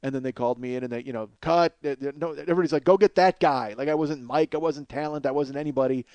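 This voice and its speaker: A man telling a comic story as a podcast host, in a profane, excitable way and laughing through the story. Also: medium pitch, rapid-fire, clear, resonant tone, dry recording.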